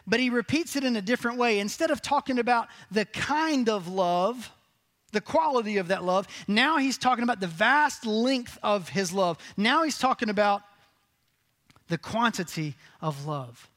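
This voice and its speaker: A man preaching a sermon, asking the congregation questions and answering them with lively emphasis. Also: high-pitched, moderate pace. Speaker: pastor.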